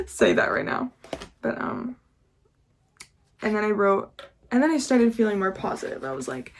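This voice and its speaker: A woman's voice: medium pitch, expressive, unhurried, gravelly, long pauses. A young woman talking candidly in a casual confessional vlog, chatty and full of swearing and laughter. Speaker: YouTuber.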